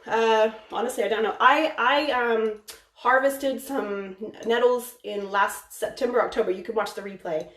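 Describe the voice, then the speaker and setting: A woman hosting a casual live cooking stream from her home kitchen, chatty and excitable, rambling with many restarts. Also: on the high side, moderate pace. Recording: echoey kitchen, mic at a distance, faint noise.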